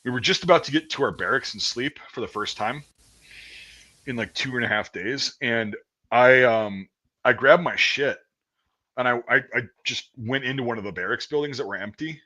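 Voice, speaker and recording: A man's voice: medium pitch, normal speed, pushed and bright, poor audio. A man in casual chat, telling a long story in a rambling, profane way with many restarts. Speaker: guest storyteller.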